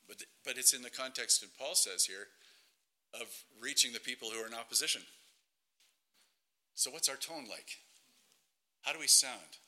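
A man's voice: mid-range voice, moderate pace, pauses often, bright, forceful tone, rough recording. A man preaching a sermon in a conversational way, often asking rhetorical questions of his listeners.

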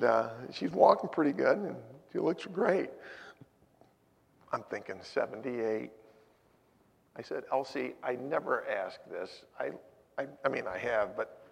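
Slow, gravelly preacher in a reverberant hall. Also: male voice, medium pitch. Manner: storytelling, swinging from loud exhortation to hushed asides. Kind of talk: sermon.

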